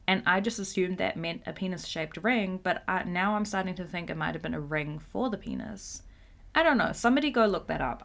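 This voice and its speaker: Woman, podcast host, chatty, giggly, slightly low voice. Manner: chatty, giggly, expressive asides. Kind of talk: casual chat.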